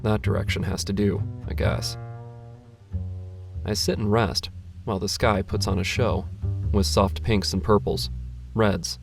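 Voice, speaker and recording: A man's voice: fairly low pitch, fairly even intonation, measured pace, gravelly, pauses often, faint music behind. A man reading a first-person short story aloud, with a dry, wry, self-mocking tone. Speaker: narrator.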